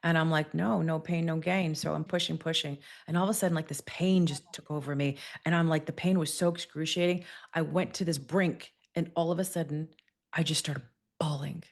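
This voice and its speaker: A woman in her forties speaks in a notably low voice as a podcast guest. She tells a candid personal story, acting out quotes as she goes. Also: steady tone, brisk.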